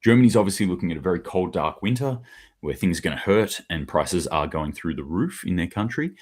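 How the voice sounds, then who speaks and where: Blunt low-voiced man commenting on news. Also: big pitch swings, fairly quick, husky. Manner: blunt, sarcastic, acts out quotes in mock voices. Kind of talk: casual solo commentary.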